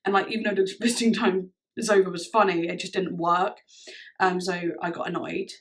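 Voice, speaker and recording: A woman's voice: on the low side, flat delivery, fairly quick. A woman vlogger telling a personal story to camera in a chatty way, with many "like"s and frequent laughs. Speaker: music vlogger.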